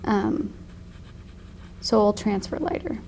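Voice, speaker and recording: A woman in her thirties teaching a painting class, chatty and quick to laugh. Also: mid-range voice, lively intonation, darkish tone, slight background noise. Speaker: painting instructor. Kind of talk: casual tutorial.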